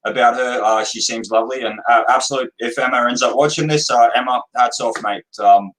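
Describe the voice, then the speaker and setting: A man's voice: medium pitch, fairly even intonation, a little fast, a bit bright, rough recording. A man in a casual chat, speaking frankly and swearing now and then.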